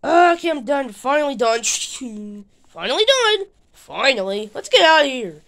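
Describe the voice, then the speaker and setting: A high, very lively female voice narrating a toy adventure for her channel. She is excitable and swings her pitch up and down, arguing back and forth as if with a friend. The talk is loose, playful and unscripted. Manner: excitable, bickering with itself, quick changes of voice. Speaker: channel host.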